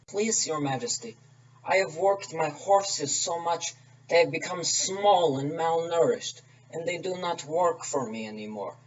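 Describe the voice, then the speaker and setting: A man's voice: unhurried, close to an everyday voice. A man doing a begging Russian peasant. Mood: pleading. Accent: put-on Russian. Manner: begging, raised pitch. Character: poor pleading male Russian peasant farmer. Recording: distant mic, dull and lo-fi.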